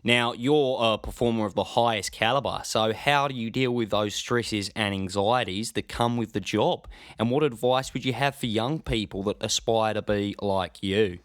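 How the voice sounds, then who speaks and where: A man's voice: fairly low pitch, moderate pace, hardly any pauses, fairly bright tone, dry recording, studio quality, natural voice. A man playing a fawning, bumbling Australian radio host in a comedy radio sketch, gushing over his guest and calling him mate. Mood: chatty. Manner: gushing and sycophantic, says mate often.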